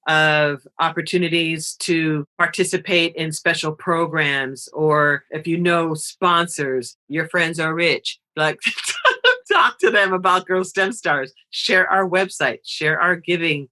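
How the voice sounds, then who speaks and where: A woman who founded a nonprofit, a guest on a radio interview, telling stories in a lively, expressive way and laughing often. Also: low voice, slow pace. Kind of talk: animated storytelling interview.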